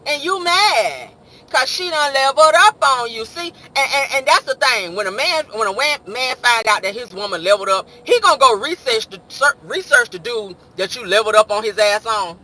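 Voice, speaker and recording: A man with a high, very bright voice dishes celebrity gossip in a sassy, animated way. He leans into mock voices and punchy asides, talking straight to his audience like a host catching up with regulars. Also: normal speed. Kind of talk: casual gossip commentary.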